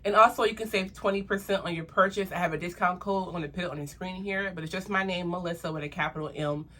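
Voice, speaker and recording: Young woman, lower voice, excitable casual unboxing vlogger. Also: fast talker. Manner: gushing, excitable, addresses viewers as "you guys". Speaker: jewelry reviewer vlogger.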